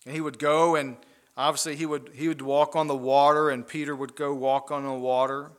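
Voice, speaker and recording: A man preaching a sermon in an earnest way, swelling loud on key lines and dropping soft and low after them. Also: level tone, brisk.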